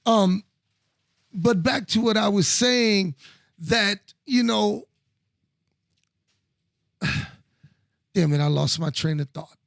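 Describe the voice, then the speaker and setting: A man, a former wrestler co-hosting a podcast, telling stories in animated, profane casual chat with lots of restarts. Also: high-pitched, slow, gravelly, pauses often, no echo, clean studio sound.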